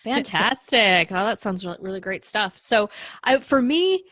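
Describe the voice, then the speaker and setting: A woman's voice: mid-range voice, lively intonation, moderate pace, sharp tone, no echo, clean studio sound. A woman hosting a podcast interview, chatty and enthusiastic as she asks questions. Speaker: podcast host.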